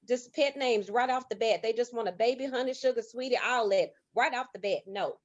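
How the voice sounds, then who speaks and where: A woman on a panel discussion, talking with emphatic, animated storytelling. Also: a little high, brisk, hardly any pauses, dry recording, muffled recording.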